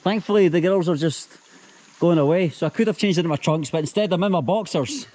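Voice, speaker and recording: A man's voice: fairly high pitch, brisk, slight background noise. A young man vlogging casually outdoors by a jungle river pool. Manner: exclaims loudly at the cold water. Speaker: travel vlogger. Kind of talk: casual outdoor vlog chat.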